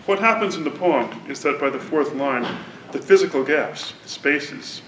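A man introducing a poet at a university event, reading a prepared, deliberate academic introduction. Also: expressive. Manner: measured, deliberate academic delivery. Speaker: lecture introducer. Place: university lecture hall. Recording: roomy hall from a distance, faint rumble.

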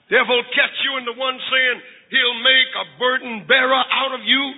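A man preaching a sermon, telling a story dramatically and rising to impassioned shouts. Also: very high voice, fairly even intonation, moderate pace, few pauses. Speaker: pastor. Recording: tinny lo-fi recording in echoing hall.

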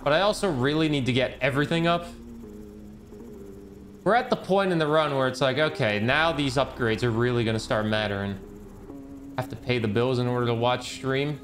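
A man's voice: mid-range voice, brisk, fairly bright tone. A man streaming a video game, chatting casually in a rambling, joking, self-mocking way, over game music. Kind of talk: casual gaming commentary.

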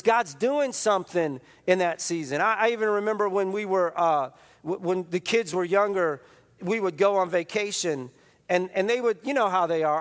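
High-voiced pastor preaching in an echoing church. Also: male voice, moderate pace. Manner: animated, repetitive storytelling with restarts. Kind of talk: sermon. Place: large church. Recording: long church reverb.

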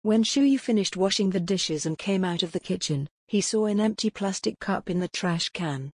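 A woman narrating an audiobook in an even, steady storytelling manner. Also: medium pitch, moderate pace, slightly rough, no room sound, clean studio sound.

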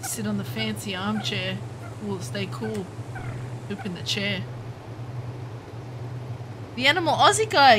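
This game streamer from the Southern Hemisphere has a high voice and speaks a bit slowly, over a faint hiss or hum on poor audio. Commentating her gameplay live, she keeps up a steady chatter and eagerly calls out to people in chat by name.

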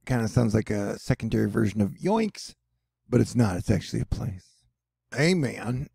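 Man hosting casual weather news, jokey and rambling, gravelly, husky. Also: medium pitch, normal speed, mellow, dry recording, clean studio sound. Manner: jokey, rambling, self-deprecating asides. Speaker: host of a news and weather channel.

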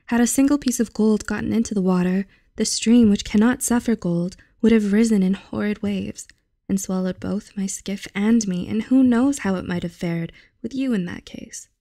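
An alarmed old ferryman, read aloud by a woman, crying out in urgent, scolding lines. The voice is low and mellow with a gravelly edge, recorded close and dry. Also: steady tone, unhurried, no room sound.

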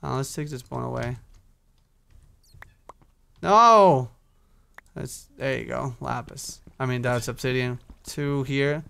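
A man's voice: mid-range voice, flat delivery, moderate pace, gravelly, few pauses, clean tone. A young man giving casual, chatty commentary on his own gameplay, talking to himself, humming and swearing as he goes. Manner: chatty, self-talking, swears, hums while playing. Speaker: gaming YouTuber. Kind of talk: casual Minecraft let's play commentary.

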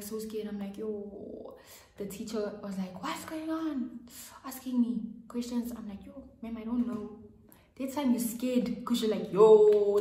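A woman's voice: on the high side, mellow. A young adult woman telling a storytime vlog in a chatty, rambling way with frequent restarts. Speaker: vlogger. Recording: echoey room.

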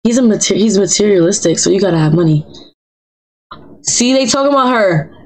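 A woman's voice: mid-range voice, expressive, fairly quick, long pauses, husky, poor audio. Playful woman streaming a life-sim game. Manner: chatty and teasing, talks back to game characters in slang. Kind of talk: playful live gameplay commentary.

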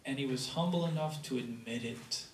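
A man preaching a sermon as pastor, swinging from loud emphatic rises to quiet low asides. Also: normal speed, echoey room, recorded from a distance. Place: church sanctuary.

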